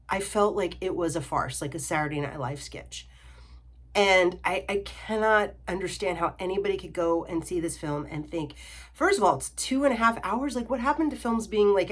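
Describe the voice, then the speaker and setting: Exasperated woman ranting about films. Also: lowish voice. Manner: exasperated, sarcastic, filler-heavy ranting. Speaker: film reviewer. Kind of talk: ranting film review vlog.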